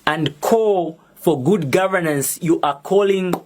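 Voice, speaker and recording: A young Zambian man with a Zambian accent, making a measured, defiant public statement as a musician and activist. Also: fairly high pitch, darkish tone, slight background noise.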